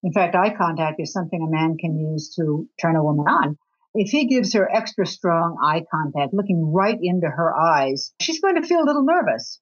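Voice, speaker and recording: A woman with a fairly low voice explains her views as an interview guest, her pitch leaping up to stress key points. The recording is dull and lo-fi. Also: normal speed. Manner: expressive, pitch leaping up for emphasis. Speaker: guest author on attraction. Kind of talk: interview answers.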